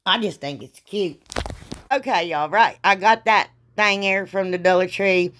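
A woman's voice: mid-range voice, measured pace, fairly bright tone, a little hiss or hum. Chatty woman with a sore throat. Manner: chatty, rambling, self-deprecating. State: sore throat, frequent throat clearing. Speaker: DIY crafter. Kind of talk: casual craft tutorial voice-over.

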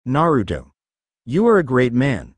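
A man voicing a calm, kind old sage in a storybook reading, with a gentle, solemn manner. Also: medium pitch, measured pace, no room sound.

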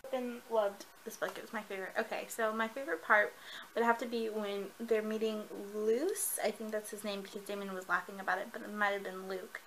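A woman reviewing a book in a casual vlog, gushing and excitable, with lots of fillers. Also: mid-range voice, a little fast, a little hiss or hum, rough recording.

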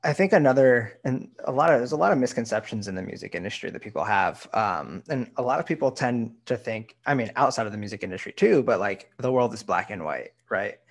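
Gravelly-voiced encouraging podcast host man. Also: medium pitch, lively intonation, brisk, few pauses. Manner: encouraging, frequent "um". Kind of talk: casual podcast interview.

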